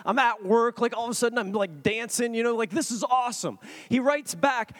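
Man in his thirties, high voice, eager storyteller who acts out messages for a crowd. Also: brisk, hardly any pauses. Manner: excitable, animated, acts out chat messages. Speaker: speaker addressing an audience. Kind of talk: comic personal storytelling.

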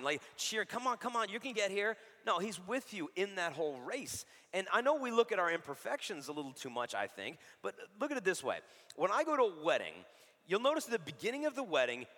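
Man, 30s, Catholic speaker. Bright, animated, joking delivery; long hall reverb. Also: fairly high pitch. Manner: casual and joking, says dude a lot. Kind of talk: lively sermon-style talk.

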